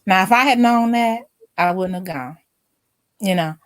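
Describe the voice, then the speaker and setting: A woman's voice: medium pitch, normal speed, no echo. A middle-aged woman hosting a casual chat, telling stories and acting out what people said. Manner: animated storyteller, acts out quotes. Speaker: host.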